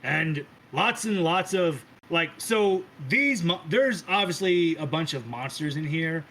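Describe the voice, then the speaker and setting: Guy running a tabletop game, chill rambly narration, kinda high voice. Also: expressive, a little slow, fairly bright tone, slight background noise, poor audio. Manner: loose, casual narration with restarts and swearing. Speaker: game master.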